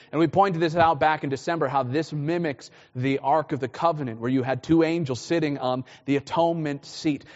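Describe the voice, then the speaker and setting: A pastor preaching a sermon, explaining a Bible passage in a loose, conversational way with frequent restarts. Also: male voice, mid-range voice, a little mellow, long reverb tail, dull audio. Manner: conversational preaching, repeats words when restarting.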